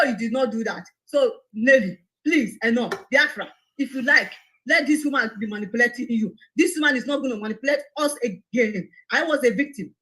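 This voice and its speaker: Woman, high voice, impassioned, pleading, indignant. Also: sharp tone, poor audio. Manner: pleading and indignant, repeats herself. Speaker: caller on a live broadcast. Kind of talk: impassioned appeal.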